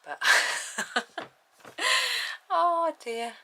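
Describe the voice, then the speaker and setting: A woman's voice: high-pitched, drawn-out words, bright, forceful tone, low-quality recording. A woman with an English accent, chatting casually and thinking aloud as she colours, with rambling asides. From England. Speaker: colouring channel host. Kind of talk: casual chat while colouring.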